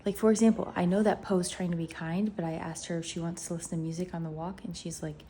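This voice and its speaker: A woman's voice: fairly low pitch, fairly even intonation, quick pace, hardly any pauses, mellow, slight background noise. A young woman talking casually to her viewers at home in a rambling, upbeat vlog. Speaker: vlogger. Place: indoors at home.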